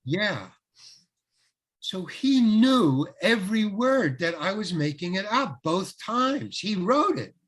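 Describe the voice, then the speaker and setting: An older male actor, a guest on an interview, telling rambling, animated anecdotes full of restarts. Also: high-pitched, slow, slightly rough. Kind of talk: casual storytelling interview.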